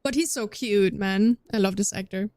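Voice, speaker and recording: A woman's voice: mid-range voice, normal speed, a little mellow, dry recording. Chatty German woman streaming, dry close sound. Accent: German, with a slight Scandinavian tinge. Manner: chatty, rambling, restarts often, laughs easily. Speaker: livestream streamer. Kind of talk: casual chat with viewers while gaming.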